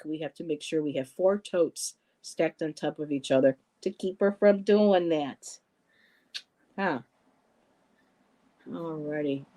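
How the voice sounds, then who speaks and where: On a low-quality recording, a woman with a low, dark-toned voice runs a casual livestream. She greets viewers by name and reads their comments out loud, frequently stumbling with ums and restarts.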